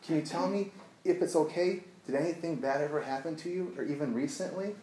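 A man working as an addiction therapist, telling a client story to an audience in an earnest voice that drops to a hushed tone when he retells it. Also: on the high side, brisk, roomy sound, a little hiss or hum, poor audio.

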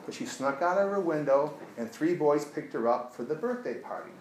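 A man's voice: a little high, animated, moderate pace, a little mellow, slight background noise. Earnest male therapist in an echoey room. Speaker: addiction therapist. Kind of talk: storytelling talk to an audience.

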